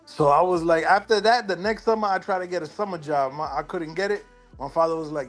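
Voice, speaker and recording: A man's voice: on the high side, brisk, soft background music. Man telling stories with acted quotes. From New York, Dominican family. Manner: animated storyteller, acts out quotes. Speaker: interview guest, sneaker collector. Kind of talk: casual storytelling.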